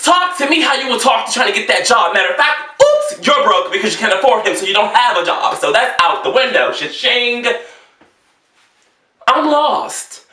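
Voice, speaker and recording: A man's voice: extremely high pitch, animated, brisk, few pauses, sharp tone, distant mic. Man, sassy theatrical rant, exasperated, roomy echo, mic set back from him. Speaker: fashion designer reviewing emails.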